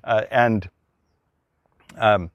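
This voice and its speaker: A man's voice: lowish voice, steady tone, drawn-out words, no echo. A middle-aged man, a pastor, preaching a conversational sermon and acting out the people he quotes.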